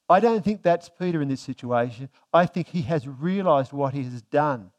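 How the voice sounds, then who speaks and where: A man preaching a conversational sermon, reading scripture slowly and softly between plain explanations. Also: fairly high pitch, lively intonation.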